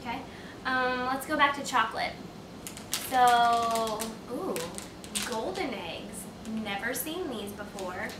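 A woman's voice: a little high, takes it slowly, reverberant, noisy background. Eager woman on a far-off camera mic. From United States. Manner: eager and enthusiastic, talking while chewing. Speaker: channel host. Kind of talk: casual taste-test chat.

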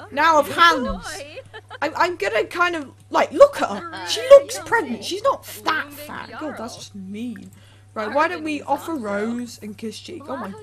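A woman giving chatty, excitable Let's Play commentary into a desktop mic, breaking into sudden shrieks and humming. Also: sits high.

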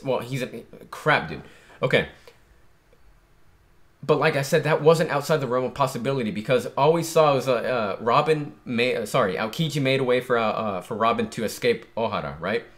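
A man giving excited, casual commentary while reacting to a comic chapter, hyped and animated, often saying "dude". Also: mid-range voice. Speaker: manga reaction streamer.

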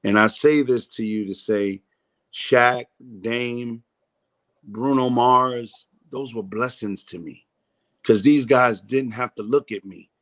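A comedian, guesting in a casual interview, tells a story candidly, swearing freely and imitating the voices of people he quotes. He speaks slowly in a medium-pitched, slightly bright voice.

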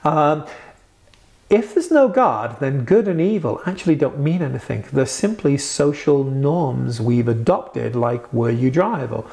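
A man's voice: mid-range voice, lively intonation, unhurried, gravelly, a little mellow. A man preaching in a Q&A teaching, earnest and conversational, rising into emphatic bursts.

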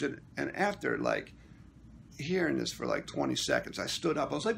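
A man's voice: mid-range voice, moderate pace, creaky, slightly rough. A man, an actor and union member, recapping a meeting in a casual vlog, acting out what others said as he tells it. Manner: animated storytelling, acting out quotes.

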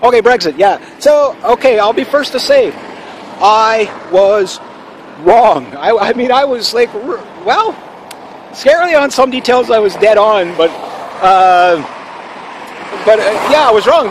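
A man talks to the camera in a casual, opinionated monologue, his voice sitting high for a man. He rambles, restarts sentences and leans on fillers as he makes his case. A faint hum of background noise sits under him. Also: poor audio. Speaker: vlogger.

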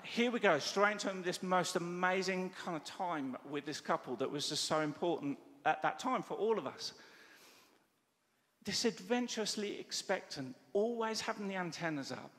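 A middle-aged man preaching a sermon, telling stories with lively quoted dialogue. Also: high-pitched, moderate pace, few pauses. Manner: animated storytelling with quoted dialogue. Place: church hall. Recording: church hall reverb.

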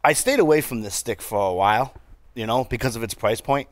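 A man with a New England accent co-hosting a casual chat, relaxed and halting with lots of fillers. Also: medium pitch, dry recording. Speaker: podcast co-host.

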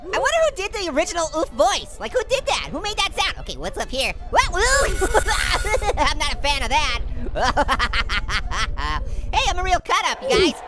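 A man voicing an excitable, earless cartoon character who hosts silly gameplay commentary and giggles constantly. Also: extremely high pitch, normal speed, music in the background, exaggerated voice. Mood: giddy. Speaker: gaming host.

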